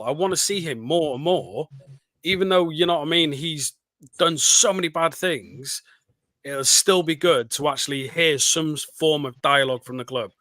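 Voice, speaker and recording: A man's voice: a little high, pushed and bright, no echo. A man from North Wales with a North Welsh accent tinged with Scouse, chatting casually as a co-host and rambling with lots of "do you know what I mean.". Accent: North Welsh, with some Scouse. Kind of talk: casual chat.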